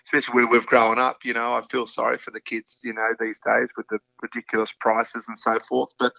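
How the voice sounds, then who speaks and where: A man's voice: mid-range voice, completely flat delivery, fairly quick, creaky, bright, forceful tone, no room sound. Earnest middle-aged Australian man. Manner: earnest, frank, with many fillers and restarts. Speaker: guest, foundation founder. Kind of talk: candid interview talk. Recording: slightly dull lo-fi audio.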